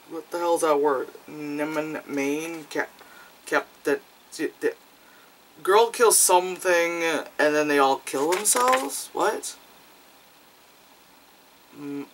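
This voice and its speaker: A man's voice: a little high, a bit bright, poor audio. A man casually reviewing a film, rambling with lots of fillers and profanity, acting out quoted lines. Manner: loose, profane, many fillers; acts out quoted lines in jumpy voices.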